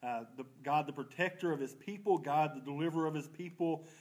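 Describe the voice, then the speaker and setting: A man's voice: on the high side, fairly quick, darkish tone, low-quality recording. Folksy man teaching Bible class. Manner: folksy, asks the class questions and answers them himself; self-deprecating humor. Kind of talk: church Bible class review.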